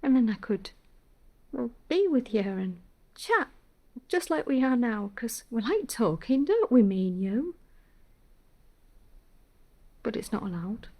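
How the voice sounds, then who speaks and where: Soft-spoken mum in grief, husky dark voice, half whispering, halting. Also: female voice, on the high side, big pitch swings, full character voice. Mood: gentle, warm. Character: grieving middle-aged mother, tender and gentle. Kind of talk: film drama monologue.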